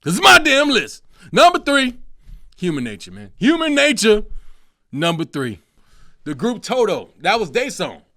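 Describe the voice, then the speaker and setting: A man, hosting a comedic solo talk show, animated and profane, breaking into sung snippets. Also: sits high, a little slow, no room sound, clean studio sound. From Chicago. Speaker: host.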